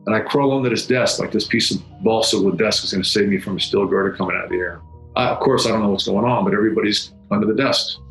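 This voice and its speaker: A middle-aged man giving solemn personal testimony, halting and often repeating his words. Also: fairly low pitch, a bit bright. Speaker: former federal agent recounting a memory. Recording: echoey room with faint music.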